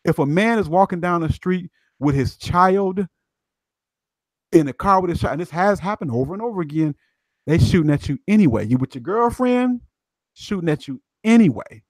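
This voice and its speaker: A man's voice: high voice, expressive, normal speed, no room sound. A man from Chicago talking emphatically as a guest commentator, in casual street slang.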